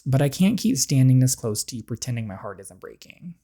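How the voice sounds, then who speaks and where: A reader voicing a heartbroken teenage girl confessing love, in a soft, hesitant, pleading way, reading a story game aloud. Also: medium pitch, sing-song, fairly quick, husky.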